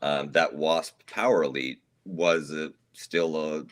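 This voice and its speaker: Podcast host, man, very low voice, deadpan irony. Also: slow. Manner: dry and sarcastic. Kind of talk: casual chat.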